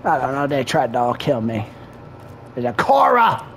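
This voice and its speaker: A man's voice: mid-range voice, big pitch swings, normal speed, a bit bright, a little hiss or hum. A man ranting and swearing constantly while commenting on a video game he is playing. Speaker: gamer. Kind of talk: profane gameplay commentary.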